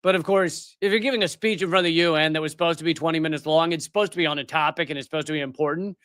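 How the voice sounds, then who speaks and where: A man's voice: fairly high pitch, fairly even intonation, racing, fairly bright tone, clear, resonant tone, no echo, studio quality. A middle-aged man hosting a live political commentary show, ranting in a heated, sarcastic and mocking way. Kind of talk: live commentary rant on news clips.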